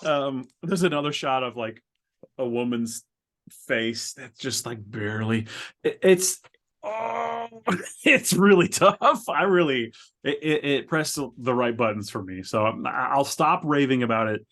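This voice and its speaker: A male podcast co-host talking in a relaxed, casual way, with a mid-range pitch. He rambles, trips over his own words and laughs often as he describes things. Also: unhurried. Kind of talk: casual chat. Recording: lower quality than usual.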